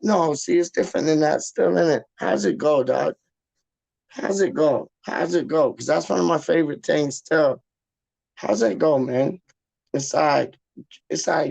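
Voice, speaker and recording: A man's voice: on the high side, moderate pace, creaky, a little mellow, low-quality recording. A man chatting loosely late at night at home, calling the viewer "dog" and breaking into football chants. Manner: keeps saying "dog" and "how you mean", sings football chants. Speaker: vlogger. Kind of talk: rambling late-night casual chat. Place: home, just out of the shower.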